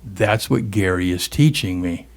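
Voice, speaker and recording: A man's voice: deep voice, animated, unhurried, creaky. A middle-aged man, a guest on an interview show, telling a personal story and acting out the dialogue as he goes.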